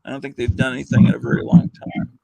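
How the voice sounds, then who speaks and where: A man's voice: mid-range voice, monotone, fast, gravelly, dark tone, no echo, lo-fi sound. An older man hosting a casual chat, rambling with fillers and chuckles. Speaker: host.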